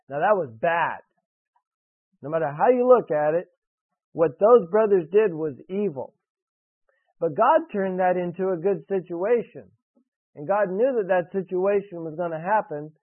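A man's voice: sits high, no echo. A man preaching a sermon and reading scripture, earnest and direct, pressing questions on his listeners. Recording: tinny, dry radio broadcast.

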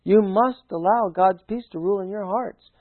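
A man preaching a folksy sermon, urging his listeners, swinging from loud appeals to hushed asides. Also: high-pitched, moderate pace. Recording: phone-like narrow sound.

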